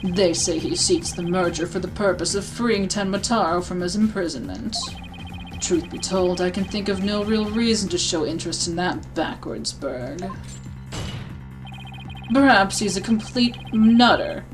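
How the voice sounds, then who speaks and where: A woman voicing a smug male prosecutor from a courtroom game, in a put-on British accent with a lowered, sneering delivery. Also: measured pace, music in the background, close to an everyday voice, rough recording. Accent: mock British.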